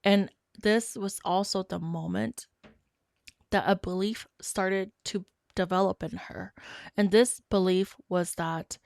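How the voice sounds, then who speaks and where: A woman as podcast host, narrating a story in an earnest, measured way. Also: medium pitch, fairly even intonation, creaky, darkish tone, no room sound, clean studio sound.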